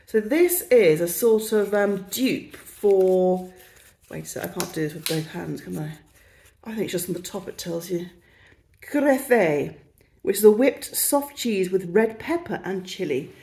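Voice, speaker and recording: A woman's voice: medium pitch, a little mellow, reverberant. A woman in her thirties with a British accent, chatting casually through a shopping haul in a self-mocking, easily sidetracked way. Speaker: vlogger.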